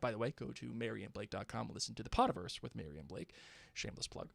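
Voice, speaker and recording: A man co-hosting a podcast, chatting casually and reading listener emails aloud in a playful, animated way. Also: mid-range voice, fast, gravelly, no room sound, studio quality. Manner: playful, animated, breaks into laughter. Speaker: podcast co-host.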